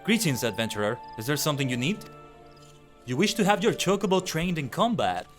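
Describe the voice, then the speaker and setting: A man reading out a stern, protective chocobo trainer from a game, measured and solemn, over game music. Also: a little high, big pitch swings, pitched above the performer's own voice.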